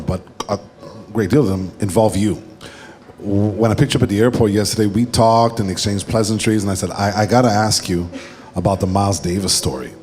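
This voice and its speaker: A man moderating an on-stage interview and asking questions in a relaxed, conversational way. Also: on the low side.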